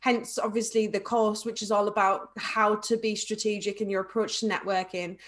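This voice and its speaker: A woman with a Liverpool accent, a business networking trainer chatting as a guest in an interview, lively and quick to laugh. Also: medium pitch. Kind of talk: casual interview chat.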